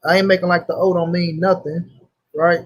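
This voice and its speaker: A man's voice: high voice, level tone, a little fast, highs cut off. A young man hosting a casual livestream, talking loosely in slang and greeting viewers by name. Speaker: livestream host.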